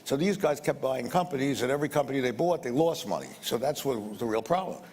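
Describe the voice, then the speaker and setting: With a mid-range, slightly mellow voice and a breathy edge, an older man talks fast through a business anecdote. His telling is blunt and rambling, with repeated words and a little swearing, recorded in a roomy space with faint background noise.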